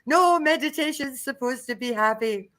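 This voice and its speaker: A woman's voice: high-pitched, lively intonation, normal speed, a bit bright. A woman co-hosting a live stream who reads a comic meditation aloud, then chats casually, laughing often and swearing freely. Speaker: co-host of a live psychic development stream.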